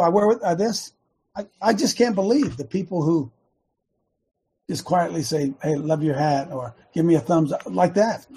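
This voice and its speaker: A middle-aged man hosting a Christian talk show, rambling and preachy, with many restarts and a slightly hoarse throat. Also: high-pitched, mellow.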